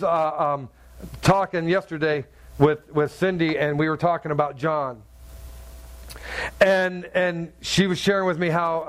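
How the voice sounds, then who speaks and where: Pastor, man, high voice, chatty sermon delivery with repeated words. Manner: conversational, repeats words, asks the crowd "right?".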